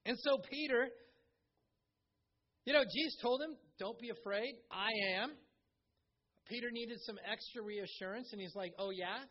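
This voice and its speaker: A pastor delivers a sermon in a relaxed, conversational way, dropping into little acted-out quotes as he goes. His voice sits very high for a man. The recording sounds dull and lo-fi. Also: unhurried, pauses often.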